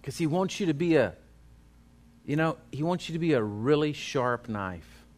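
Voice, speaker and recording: A man's voice: a little high, animated, moderate pace. A male pastor, preaching a sermon in a folksy, exhorting way.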